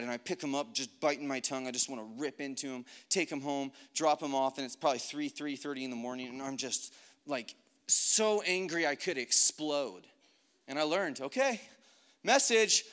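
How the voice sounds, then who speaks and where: A man's voice: mid-range voice, a bit bright, smooth. A man giving a casual, earnest personal testimony, talking in a loose conversational way with many fillers. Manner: casual and conversational, heavy use of "like"; earnest, reflective storytelling. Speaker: speaker sharing a faith story.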